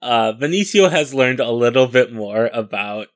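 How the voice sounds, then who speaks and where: A man's voice: medium pitch, expressive, normal speed, dry recording, clean studio sound. A man playing a tabletop game, laid-back and joking as he describes his character's actions. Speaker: player.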